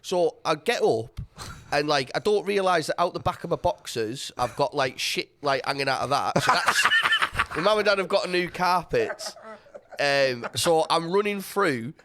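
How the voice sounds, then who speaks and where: A man's voice: a little high, expressive, moderate pace, crowd noise. A man, a podcast guest in a studio, telling a story in casual chat, swearing constantly and laughing as he goes.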